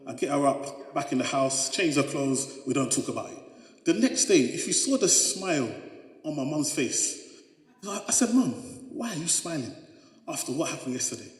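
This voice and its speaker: A man from giving a motivational keynote, joking with the crowd and telling stories. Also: fairly high pitch. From London, England. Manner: animated, joking, storytelling with crowd interaction. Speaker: keynote speaker. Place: large hall on stage. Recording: echoey hall.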